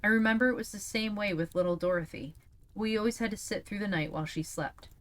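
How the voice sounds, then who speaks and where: A woman voicing the Scarecrow, a kindly, wise male straw king who speaks in a gentle, thoughtful manner. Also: mid-range voice, quick pace, close to an everyday voice.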